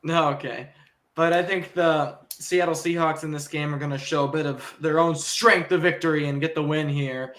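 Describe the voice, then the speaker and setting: A man's voice: on the high side, fairly even intonation, moderate pace, a bit bright. A young man hosting a casual sports podcast, easygoing and rambling, with frequent ums and chuckles. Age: young adult. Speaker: podcast host.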